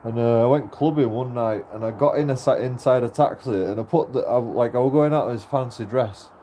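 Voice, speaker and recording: Irish lad, casual streamer, dark mellow voice, laughs through every story, swears a lot. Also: male voice, medium pitch, a little fast, a little hiss or hum. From Ireland. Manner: laughs often through his stories, swears freely. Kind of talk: casual livestream chat.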